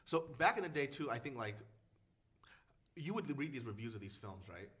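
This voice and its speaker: A man who is a guest filmmaker in a casual podcast chat, talking in a fast, rambling, emphatic way with lots of fillers. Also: mid-range voice, very animated, a bit bright.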